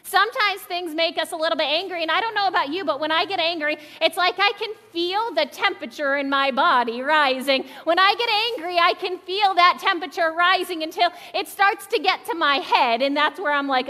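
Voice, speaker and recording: Young woman pastor chatting thru a sermon, high bright voice, big church echo. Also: fairly quick. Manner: animated, talks directly to the congregation with questions. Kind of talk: conversational sermon. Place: church sanctuary.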